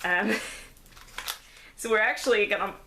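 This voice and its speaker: A woman's voice: mid-range voice, slow, sharp tone, a little hiss or hum. A woman chatting casually while making a craft, self-deprecating and laughing often, a little out of breath. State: slightly out of breath. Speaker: craft vlogger.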